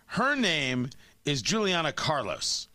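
A man's voice: a little high, huge pitch swings, slow pace, bright, forceful tone, no room sound. A man hosting a talk radio show, blunt and combative, often stumbling into restarts.

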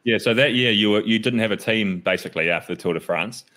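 A man's voice: lowish voice, quick pace, pushed and bright. A man hosting a podcast, talking casually with enthusiastic, sweary praise for his guest. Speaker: podcast host.

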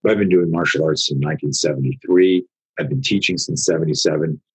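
A man, a martial arts instructor in his fifties or older, telling a story in casual conversation, animated and profane, acting out what people said. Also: a bass voice, fairly quick, slightly rough, low-quality recording. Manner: animated, profane, acts out quotes.

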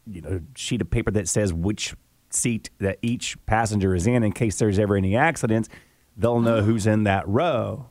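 A man's voice: on the low side, normal speed, a little mellow, no room sound. A man co-hosting a radio show, chatting casually, giggling often and hesitating as he talks. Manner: giggly, hesitant, repeats himself. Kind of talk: casual morning radio banter.

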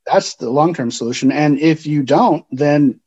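Man, counselor, podcast interview, calm measured explanations, mellow tone, somewhat higher voice. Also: slightly rough, lo-fi sound.

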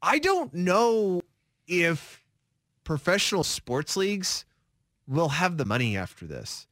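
A man's voice: high-pitched, slow, dry recording, studio quality. A man co-hosting a sports radio show, talking in casual, rambling sentences full of fillers. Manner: animated, rambling with many fillers.

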